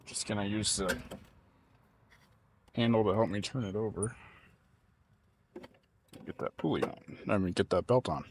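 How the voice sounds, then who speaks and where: A man with a fairly low voice talks through a repair job in a casual, matter-of-fact way, thinking aloud as he works. He sounds like a workshop vlogger. A faint hum of noise sits under his voice. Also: a little slow, long pauses. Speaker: small-engine repair YouTuber.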